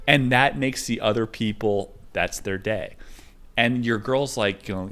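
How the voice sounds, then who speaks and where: A young man with a fairly low voice, rambling through a loose, digressive monologue. He hops from one half-finished thought to the next, telling offbeat stories in an unscripted way. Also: moderate pace, fairly bright tone. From United States. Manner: rambling, digressive, jumps between topics.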